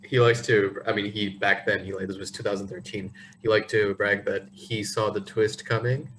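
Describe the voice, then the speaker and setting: A man co-hosting a podcast, telling rambling stories in a casual, animated way. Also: lowish voice, moderate pace, slight background noise, rough recording. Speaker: podcast co-host. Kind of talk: casual chat.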